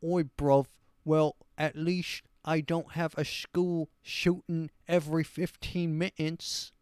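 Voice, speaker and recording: A man putting on a clueless British man with a put-on London accent, drawling slowly in a raised voice. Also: fairly high pitch, level tone, darkish tone, smooth, no echo, studio quality, voice pushed up. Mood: dopey. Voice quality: raised, slow, drawling delivery. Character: dim-witted British man, cheeky and clueless.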